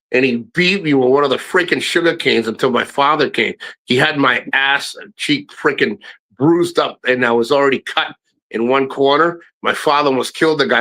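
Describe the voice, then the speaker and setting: In a casual livestream chat, a middle-aged man with a bright, forward voice pitched slightly high for a man addresses his viewers directly. His talk is loose, frank and rambling, with many restarts and plenty of swearing.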